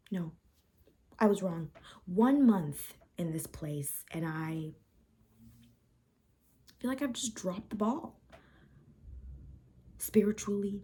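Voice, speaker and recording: A woman's voice: on the low side, animated, takes it slowly, long pauses, mellow, slightly rough. A young woman talking candidly and upset in a confessional vlog, rambling and repeating herself. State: upset and frustrated. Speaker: vlogger.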